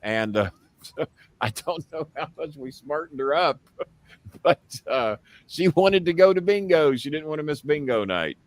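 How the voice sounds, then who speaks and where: A man hosting a live show, telling a story in a casual, profane way and getting loud when he quotes himself. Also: on the high side, unhurried, dry recording. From United States. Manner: profane, animated, shouts when quoting himself. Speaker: host.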